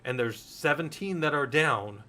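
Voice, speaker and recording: A man's voice: on the high side, lively intonation, unhurried, sharp tone. Blunt, swearing Linux instructor in his 40s. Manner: candid, swears freely, rambling anecdotes. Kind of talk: casual technical lecture.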